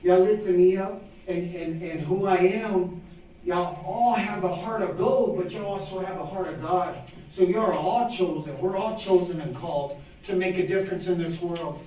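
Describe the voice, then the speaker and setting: In a city hall council chamber, a middle-aged man honored as a community volunteer gives an impromptu, fervent testimony with a preacherly ring, repeating his phrases as he goes. His voice is high-pitched and dark-toned, at normal speed. The chamber echoes and he's captured from far off.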